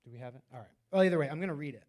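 A man's voice: a little high, very fast, a little mellow. A man preaching a sermon in a loose, conversational way, with many fillers and restarts. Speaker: pastor.

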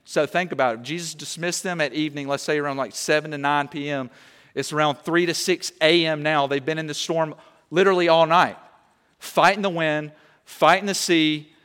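A young man preaching a sermon, animated and conversational, often checking in with "okay?". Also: fairly high pitch, moderate pace, clean tone, long reverb tail. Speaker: pastor.

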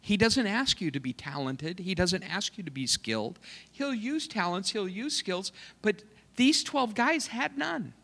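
Animated preacher in a reverberant church. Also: male voice, high voice, a little slow, gravelly. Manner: animated, self-mocking storyteller. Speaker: missionary preacher. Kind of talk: sermon storytelling. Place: church sanctuary. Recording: long church hall reverb.

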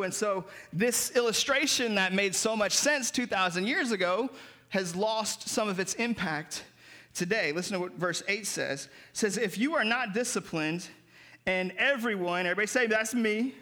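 High, bright-voiced male preacher. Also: normal speed. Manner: emphatic, explains Greek words. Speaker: pastor. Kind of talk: sermon.

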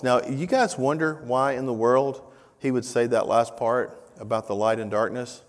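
A male pastor preaches in a relaxed, talky way, growing emphatic as he reads scripture aloud. His mid-pitched voice rings out in a large church sanctuary with a long reverb tail. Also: moderate pace. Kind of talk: sermon.

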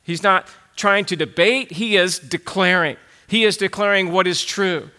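A man's voice: high-pitched, moderate pace, sharp tone. A man preaching a sermon, declaring his points with conviction and repeating key phrases for emphasis. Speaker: pastor.

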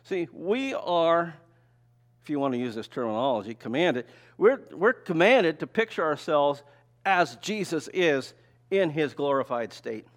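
A man's voice: on the high side, very animated, unhurried. An older man giving a conversational, folksy sermon, often asking rhetorical questions and telling personal stories. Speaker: preacher. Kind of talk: sermon with slides.

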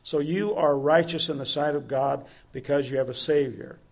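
Male preacher, gravelly and slightly high-pitched, earnest sermon delivery with questions to the congregation. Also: fairly even intonation, normal speed. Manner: earnest, asks the listeners direct questions.

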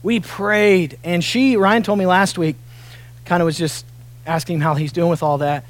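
High-voiced earnest man preaching. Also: steady tone, normal speed. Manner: earnest, swings from soft and near tears to loud emphatic peaks. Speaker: pastor. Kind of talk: sermon. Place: church auditorium.

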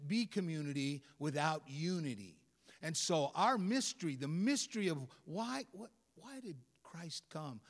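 A man preaching in a church sanctuary, his voice sitting a bit high and swinging lively up and down. He talks to the congregation in a chatty, animated way, with a long reverb trailing behind him. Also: vocal fry. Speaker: guest pastor. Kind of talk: sermon.

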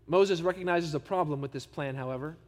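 Speaking a little fast, a high-voiced male pastor preaches earnestly and emphatically, continually engaging the congregation through rhetorical questions. A long reverb tail trails his words.

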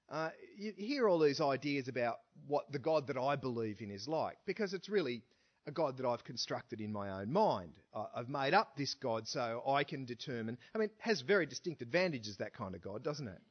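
Man, preacher, sermon, animated swooping delivery, rhetorical questions, muffled lo-fi recording. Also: mid-range voice. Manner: emphatic, asks the listener rhetorical questions. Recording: dull lo-fi recording.

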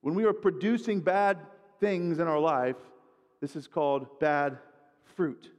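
A man's voice: fairly high pitch, fairly even intonation, a little slow, long reverb tail. A man preaching a sermon in a conversational way, often repeating words as he builds his points. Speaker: guest preacher.

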